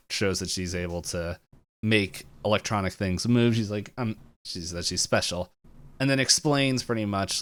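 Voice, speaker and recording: A podcast co-host with a low, smooth voice retells a cartoon episode casually and with animation. He jumps into the characters' lines, laughing as he goes.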